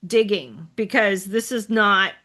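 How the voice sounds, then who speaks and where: A woman speaks as a podcast guest, her voice bright and forward. She talks candidly and reflectively in a relaxed conversational way, often laughing at her own stories. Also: mid-range voice, slow pace. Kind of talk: conversational interview.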